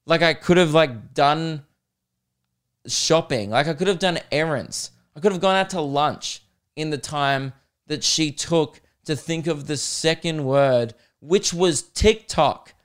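Animated young man, swearing. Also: on the high side, slow pace. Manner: animated, swearing, laughs at own jokes. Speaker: podcast host. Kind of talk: comedic storytelling monologue.

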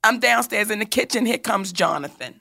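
A woman telling a personal story in casual chat, animated and swearing freely as she acts out what people said. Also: mid-range voice, a little fast, creaky.

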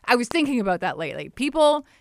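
A woman's voice: a little high, fast, no room sound, clean studio sound. A young adult woman co-hosting a podcast, talking openly and animatedly in casual chat. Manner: candid, animated, quotes people in playful voices. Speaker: podcast co-host.

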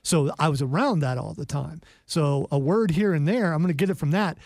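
A man's voice: a little high, fairly quick, darkish tone, no room sound, clean studio sound. A man from Ohio co-hosting a sports radio show, teasing his partner in casual chat. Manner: teasing, matter-of-fact. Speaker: radio co-host.

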